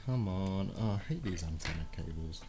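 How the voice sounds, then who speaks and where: A man's voice: low voice, normal speed, noisy background. Chatty British man muttering while working. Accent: regional British. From United Kingdom. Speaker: streamer doing console repairs. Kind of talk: casual live-stream chat.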